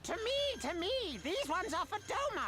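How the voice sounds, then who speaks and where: Game creature: tiny fawning catfish critter, squeaky, word-doubling, sky-high and bouncy. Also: female voice, sing-song, normal speed. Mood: eager. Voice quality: squeaky, repeats words in pairs. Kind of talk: video game voice acting.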